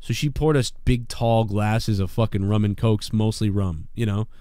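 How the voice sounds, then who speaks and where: A man spins a rambling, swear-laden story, animated and loose. The sound is dry and close, with no room around him. He talks like a podcast co-host among friends. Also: fairly low pitch, moderate pace, clear, resonant tone, dry recording. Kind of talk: casual storytelling.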